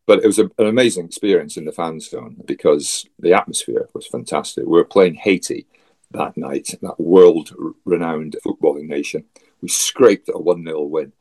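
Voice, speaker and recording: A man's voice: sits low, moderate pace, a little mellow. A Scottish man from Scotland, a guest telling a travel story in a chatty way, with wry asides and frequent laughs. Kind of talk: casual storytelling.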